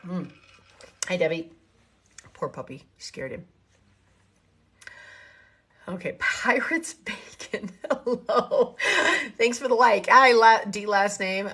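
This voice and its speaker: A middle-aged woman hosting a live online chat about homeschooling, reading out viewer comments and talking in quick, lively bursts as she acts out conversations. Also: mid-range voice, breathy edge, no echo. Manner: animated, talks in quick bursts and acts out dialogue. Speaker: host of a live homeschooling session.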